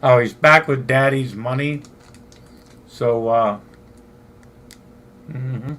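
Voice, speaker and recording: A man's voice: mid-range voice, takes it slowly, fairly bright tone. An older man from Southern California hosting a late-night livestream, rambling profanely and answering his chat. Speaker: livestream host.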